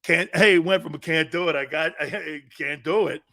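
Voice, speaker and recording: A man hosting a sports talk show, telling stories in a casual, animated way, reading viewer comments and laughing hard at his own tales. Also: fairly high pitch, brisk, gravelly.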